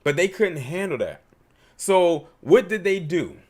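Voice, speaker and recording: A man's voice: sits high, very animated, measured pace, darkish tone. A man hosting a livestream, giving emphatic, opinionated commentary and reading super chats.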